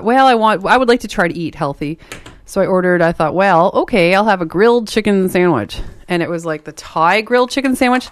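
A woman's voice: mid-range voice, clean tone, no echo. A young woman hosting a campus radio show from the studio, chatting casually and rambling with plenty of fillers. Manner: chatty, rambling, self-deprecating, with many fillers. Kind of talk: casual on-air chat. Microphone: studio microphone.

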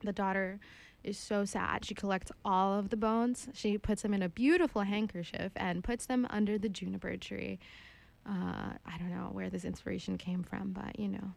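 A young woman casually retelling a dark fairy tale, lively and jokey with slangy asides. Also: medium pitch, gravelly, no room sound. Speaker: storyteller.

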